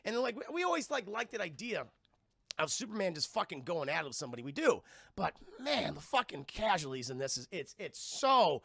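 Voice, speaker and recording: A young man livestreaming a casual, profane film recap, excitable and loudly acting out scenes. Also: high-pitched, creaky, dry recording, clean studio sound. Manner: excitable, profane, acts out scenes in loud yelps. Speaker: film reviewer streaming live.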